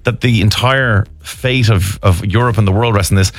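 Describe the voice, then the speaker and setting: A man's voice: fairly low pitch, moderate pace, dry recording. A middle-aged Irish man interviewing a guest in a chatty, enthusiastic way. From Ireland. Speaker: journalist interviewer.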